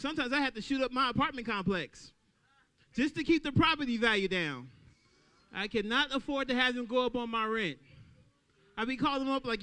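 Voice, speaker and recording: A man doing a stand-up comedy set at an open mic, talking loudly and playing out little voices for the crowd. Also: very high-pitched, a little fast, long pauses, clean tone. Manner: loud, animated crowd work with acted-out voices.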